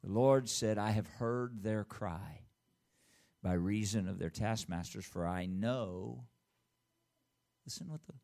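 A man, the pastor, giving church announcements and then preaching a sermon, leading call-and-response and reading scripture aloud slowly. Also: fairly low pitch, vocal fry, darkish tone. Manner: reads scripture aloud in a slow, drawn-out voice.

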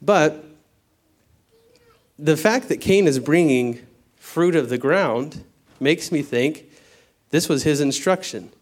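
A man preaching a Bible teaching sermon in a conversational way, often checking in with the congregation and slowing down to explain word meanings. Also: a little high, lively intonation. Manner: conversational, peppered with "okay?" checks.

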